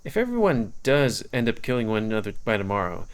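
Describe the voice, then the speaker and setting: A man's voice: on the low side, sing-song, fast, clean tone. A man voicing a tall, teasing man with a wry, drawling manner while reading a visual novel aloud.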